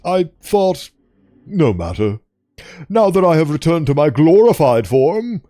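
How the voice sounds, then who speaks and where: A man voicing an ancient reptilian monster, the steed of Death, with posh, slow and formal speech. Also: on the high side, mellow, no echo, clean studio sound. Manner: formal, measured, posh diction.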